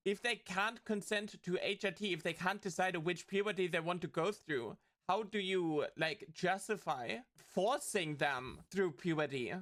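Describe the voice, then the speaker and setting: A woman's voice: lowish voice, a bit bright. A woman streamer in a played clip, ranting in an exasperated, argumentative way. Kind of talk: indignant streaming rant.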